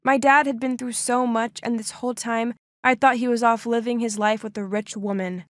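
A woman's voice: a little high, steady tone, normal speed, dry recording, studio quality. A young adult woman narrating a first-person story in a scripted, emotive, dramatic way.

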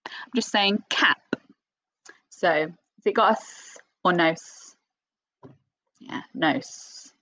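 A woman teaching young children a phonics lesson, speaking in an expressive sing-song teacher voice with little gasps of excitement. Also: fairly low pitch, slow pace, long pauses, dry recording, rough recording. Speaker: primary school teacher.

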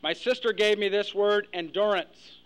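A man's voice: sits high, normal speed, fairly bright tone, smooth, low-quality recording. A man giving a humorous speech, telling jokes to a luncheon audience and acting out characters. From United States. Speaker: after-dinner speaker. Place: luncheon hall with live audience.

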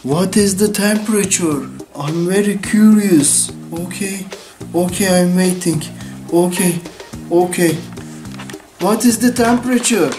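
Slow-talking woman fussing in broken english, roomy echo, loud music behind. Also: on the low side. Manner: fussy and exclaiming, simple broken English. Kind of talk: simple English kids' play vlog. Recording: echoey room with loud music.

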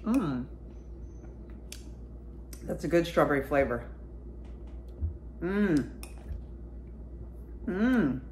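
A woman with a fairly low voice chats to her viewers while she eats, stopping to taste things and cursing freely. She talks in a loose, everyday way, as in a casual mukbang vlog. A faint hiss of noise sits under the recording. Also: sing-song, drawn-out words, long pauses, darkish tone. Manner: chatty, swears freely, talks between bites. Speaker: vlogger.

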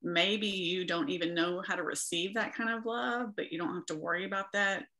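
A woman's voice: lowish voice, steady tone, normal speed. A woman guest in an interview, sharing her faith story in an earnest, preaching manner.

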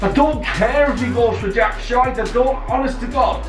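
A man hosting a gaming video, giving excited pack-opening commentary, often shouting and swearing at the game. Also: extremely high pitch, moderate pace. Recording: roomy distant mic with faint music.

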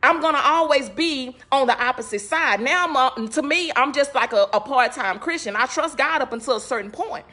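A woman's voice: high voice, lively intonation, normal speed, few pauses, pushed and bright. A woman podcast host in a casual faith talk, earnest and emphatic. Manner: earnest, conversational, emphatic preaching tone.

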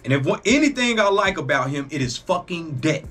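A man hosting a reaction video, talking casually, excitable and profane, exclaiming often. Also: on the high side, brisk, slightly rough, soft background music.

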